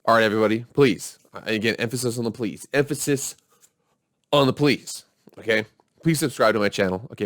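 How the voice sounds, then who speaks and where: A man rattles off blunt sports commentary at a quick clip. His voice sits on the low side. It is recorded close and dry, with no room sound. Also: no room sound. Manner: rapid, blunt ranting. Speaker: YouTube sports channel host. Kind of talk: casual vlog commentary.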